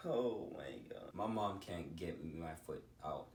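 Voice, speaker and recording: A man with a very low voice tells a childhood story in a casual vlog, lively and laughing as he acts out what happened. He sits back from the mic in an echoey bedroom, with faint music playing under his voice. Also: unhurried, far from the mic. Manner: animated, laughs often, acts out scenes. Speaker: vlogger. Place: indoor room, bedroom.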